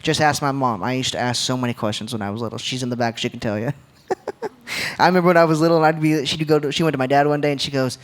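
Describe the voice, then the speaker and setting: A man's voice: mid-range voice, fairly even intonation, fast. A man in his twenties giving a playful, jokey leadership talk to a church audience, laughing often. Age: 20s. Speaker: church speaker. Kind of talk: sermon-style leadership talk. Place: church hall, live audience.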